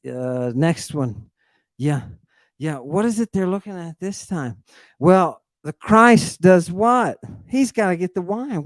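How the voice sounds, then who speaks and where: On a livestream, a man lectures animatedly on ancient texts in a theatrical, slangy style, repeating his exclamations for emphasis. His voice is on the high side, and there's no echo.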